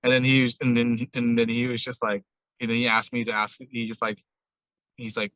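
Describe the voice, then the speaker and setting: A man's voice: medium pitch, completely flat delivery, fairly quick, fairly bright tone, no room sound, low-quality recording. A man who owns a ramen shop, a guest on a podcast, telling a long story in a casual, rambling way and retelling conversations line by line. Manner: rambling, retells dialogue with many "I'm like".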